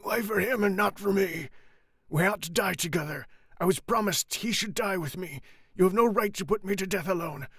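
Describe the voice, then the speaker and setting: A man voicing a desperate condemned prisoner who shouts and pleads frantically in a storybook reading. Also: high voice, moderate pace, slightly rough, no room sound, studio quality, voice pushed up. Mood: furious pleading.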